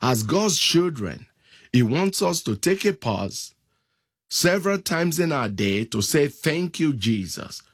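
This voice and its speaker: A man preaching a sermon, reading scripture aloud in a slow, deliberate way. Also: a little high, big pitch swings, slightly rough, dry recording, clean studio sound.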